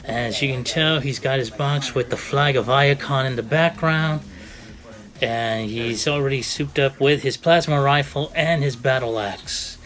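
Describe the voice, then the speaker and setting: A man's voice: mid-range voice, unhurried, a bit bright. Rambling male toy reviewer, casual. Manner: rambling, many fillers, friendly.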